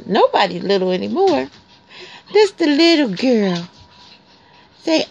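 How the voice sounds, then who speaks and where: Woman cooing at puppies in lively baby talk. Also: sits high, slow pace, vocal fry, long pauses, a little hiss or hum. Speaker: pet groomer showing newborn puppies. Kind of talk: casual vlog talk to animals. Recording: dull lo-fi recording.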